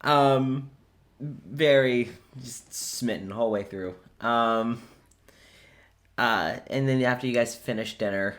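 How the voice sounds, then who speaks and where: A man running a tabletop game as game master, narrating in a relaxed, halting way full of ums. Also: mid-range voice.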